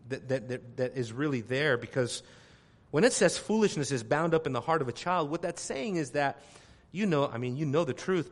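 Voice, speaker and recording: Emphatic man preaching a sermon. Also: a little high. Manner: emphatic, forceful preaching that swings from quiet asides to loud exclamations; repeats phrases for emphasis.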